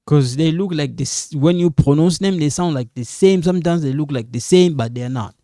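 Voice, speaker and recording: A man speaking in a dry, close recording with a mellow, somewhat high voice. He teaches beginners in an unhurried, patient way, repeating words and reassuring them that it's okay. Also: no echo. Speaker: French teacher. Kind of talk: recorded beginner language lesson.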